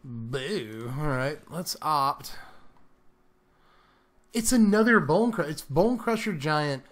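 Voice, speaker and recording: Young male gameplay commentator, slightly high voice, casual and jokey, quick to laugh. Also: lively intonation, fairly bright tone. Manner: playful, laughs often, slips into mock British accent.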